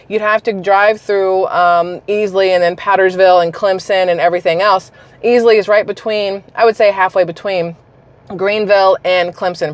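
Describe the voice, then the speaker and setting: Chatty, blunt woman vlogger. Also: on the low side. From South Carolina, US. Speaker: YouTuber. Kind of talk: casual news commentary vlog.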